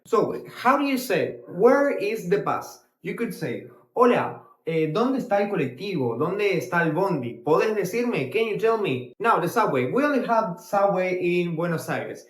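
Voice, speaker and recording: A young man from Argentina with an Argentine accent, teaching Spanish words in a casual lesson and repeating each word slowly. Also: sits high, sing-song, a bit bright, echoey room. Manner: explains slowly, repeating words, switching between English and Spanish.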